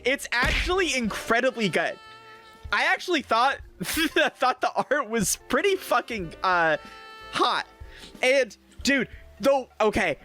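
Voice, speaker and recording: Male streamer, high and bright, excitable, rambling, profane, faint music under him. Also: slow. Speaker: streamer reviewing comics. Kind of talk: casual streamed review.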